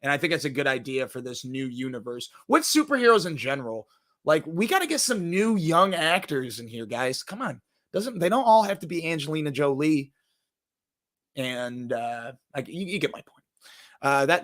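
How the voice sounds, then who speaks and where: A man's voice: a little high, sing-song, moderate pace, fairly bright tone. A young man hosting a casual entertainment news show, rambling and joking, cursing now and then and trailing off into mumbles. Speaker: podcast host.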